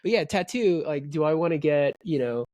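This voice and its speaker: A man co-hosting a podcast in relaxed chat, with many "you know"s and "right"s. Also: fairly high pitch, a little fast, no room sound, studio quality. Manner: chatty, full of fillers like "you know" and "right". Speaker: podcast co-host. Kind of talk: casual chat.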